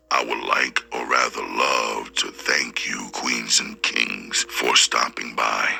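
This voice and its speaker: A male storyteller with an extremely deep, gravelly voice, reading slowly and deliberately. His tone is husky yet bright and forward. Soft music plays underneath. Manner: slow, deliberate, preacherly delivery. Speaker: narrator and audiobook reader. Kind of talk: dramatic storytelling narration.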